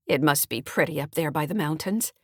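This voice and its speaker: A woman's voice: sits low, fairly quick, dry recording, studio quality. A woman voicing a friendly small-town escrow officer in an audiobook, chatty and earnest. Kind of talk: audiobook character reading.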